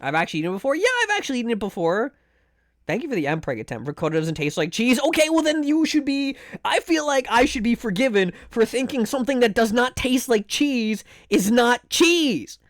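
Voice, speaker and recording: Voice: medium pitch, big pitch swings, brisk, no room sound, clean studio sound. A young adult streamer chatting casually on a live stream, ranting animatedly and swearing between game guesses.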